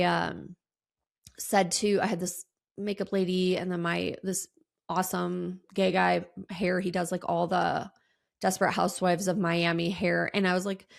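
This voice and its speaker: A woman's voice: on the low side, level tone, normal speed, vocal fry. A woman hosting a solo podcast, telling a personal story in a chatty way with many ums and restarts. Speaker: podcast host.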